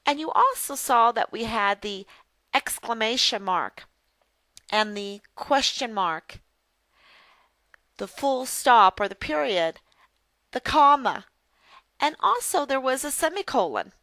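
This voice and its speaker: A woman teaching a phonics lesson as a reading tutor, speaking slowly and carefully and repeating words for pronunciation. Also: a little high, lively intonation, bright, forceful tone, no room sound.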